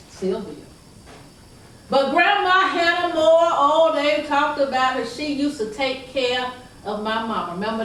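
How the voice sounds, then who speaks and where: A woman's voice: fairly high pitch, a bit bright. A woman with a Southern American accent telling family stories to an audience, folksy and emphatic, drawing listeners into call-and-response. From southern United States. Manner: call-and-response, emphatic, folksy, stretches key phrases slowly. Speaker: storyteller. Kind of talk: oral family storytelling to an audience. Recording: very echoey hall, distant voice, faint background hum.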